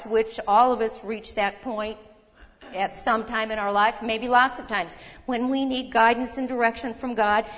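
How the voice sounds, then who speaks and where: Woman preacher, fairly high voice, conversational and emphatic, long hall reverb. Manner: conversational, emphatic, with quick asides and self-corrections. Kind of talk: sermon. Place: church hall.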